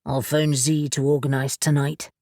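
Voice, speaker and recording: A woman's voice: low voice, level tone, moderate pace, a little mellow, no echo, studio quality. A woman voicing a blunt, teasing young man. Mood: determined, teasing. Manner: blunt, goading.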